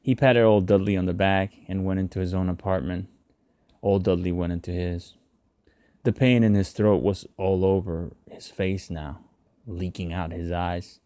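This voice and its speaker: Deep, dark-voiced male story reader. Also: steady tone, normal speed, dry recording, clean studio sound. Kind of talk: scripted narration of a short story.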